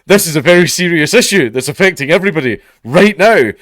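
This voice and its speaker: Dude doing a stuffy pompous politician voice, raised a bit, all solemn. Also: male voice, fairly high pitch, lively intonation, quick pace, fairly bright tone, dry recording, pitched above the performer's own voice. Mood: mock-solemn. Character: pompous self-serious male politician.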